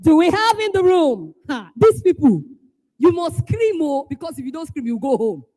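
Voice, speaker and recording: A Nigerian woman hosting a live event, calling out schools one by one, playful and teasing, often shouting to get the crowd going. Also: high-pitched, sing-song, moderate pace. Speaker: event host.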